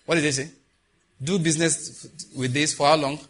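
A man's voice: on the high side, fairly even intonation, normal speed, fairly bright tone, husky. A man preaching a sermon, reading scripture and leading the congregation in repeated declarations with emphatic delivery.

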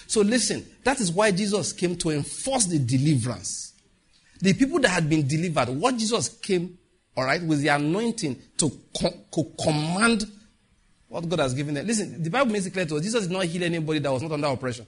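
A Nigerian pastor preaching with a husky, slightly raised voice. He jumps from loud, animated scolding to slow, solemn declarations, dropping Pidgin asides along the way. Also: on the high side. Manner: animated, swings from shouted warnings to slow solemn prayer. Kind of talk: sermon.

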